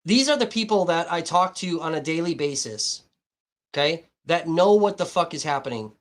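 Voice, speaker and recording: A man's voice: fairly high pitch, lively intonation, moderate pace. Profane rambling male livestreamer. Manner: profane, rambling, talking to chat viewers. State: hot and dehydrated. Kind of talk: casual livestream chat.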